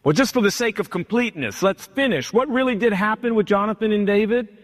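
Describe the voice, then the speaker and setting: A man pastor preaching a sermon, retelling a story with animated, emphatic repetition, in a church hall. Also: sits high, fast talker. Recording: long hall reverb.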